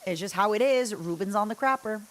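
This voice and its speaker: A young woman streaming and chatting with her viewers in a loose, rambling way. She giggles often and gets excitable while she tells stories. Her voice sits at an everyday middle pitch. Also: brisk. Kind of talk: casual chat with viewers.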